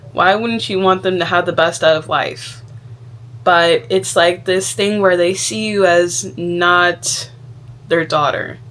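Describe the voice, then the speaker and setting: A young woman giving a frank, animated advice monologue, talking casually and saying "like" often. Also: fairly low pitch. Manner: frank, animated, heavy use of "like". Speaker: vlogger.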